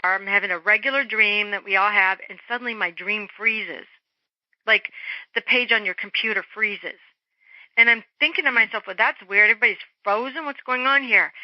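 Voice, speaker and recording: A middle-aged woman, an interview guest, telling a story in an animated way and acting out the voices of the people in it. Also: mid-range voice, no room sound. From Germany. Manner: animated, acts out quoted voices. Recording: dull lo-fi phone-line sound.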